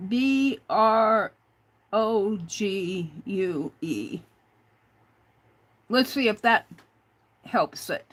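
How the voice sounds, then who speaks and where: Very slow and pausing often, a woman with a medium-pitched voice and lively intonation runs a casual livestream. She chats with her viewers, reading their comments aloud and spelling out words one letter at a time.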